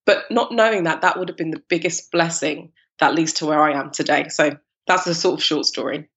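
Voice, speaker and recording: A woman from East London in her thirties with a London accent, telling her story as a podcast guest in an animated, laughing way. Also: sits low, a little fast, muffled recording. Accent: London English. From East London, England. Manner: animated, laughing, acts out her past self in quotes. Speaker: guest, cupcake business founder.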